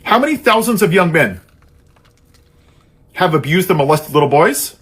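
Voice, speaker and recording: A man's voice: fairly high pitch, expressive, normal speed, a bit bright, breathy edge. A man giving an angry, sarcastic political monologue in an impassioned, ranting way. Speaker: political commentator.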